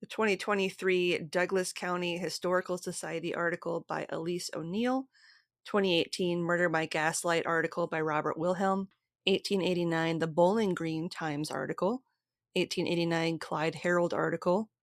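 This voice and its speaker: A woman's voice: lowish voice, fairly even intonation, moderate pace, no echo, clean studio sound. A woman hosting a podcast, steadily reading from a script and long lists of sources. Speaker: podcast host.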